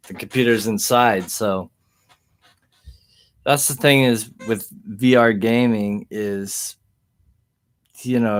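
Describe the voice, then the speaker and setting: A man of ordinary pitch rambles through a casual livestream at an unhurried, slow pace. He talks easily to his chat and chuckles often. The sound is a plain webcam mic in a room at home.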